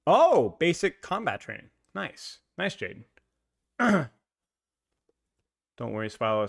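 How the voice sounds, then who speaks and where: During a casual live stream, a man chats with viewers while gaming, laughing often and leaning on lots of filler words. His voice is mid-range, creaky, and a bit bright.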